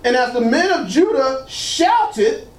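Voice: high-pitched, big pitch swings, slow pace. A preacher giving an emphatic sermon that leads the congregation in call-and-response. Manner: emphatic, repeats phrases, frequent "praise God".

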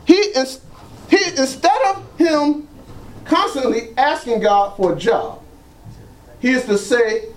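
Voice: sits high, animated, slow, pauses often. A preacher giving an emphatic sermon that leads the congregation in call-and-response. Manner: emphatic, repeats phrases, frequent "praise God".

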